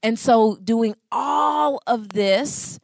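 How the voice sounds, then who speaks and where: A woman in her thirties giving a Christian talk on marriage, expressive and full of acted-out voices. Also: on the high side, drawn-out words, creaky, no room sound, clean studio sound. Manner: expressive, acts out voices, laughs. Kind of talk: animated storytelling talk.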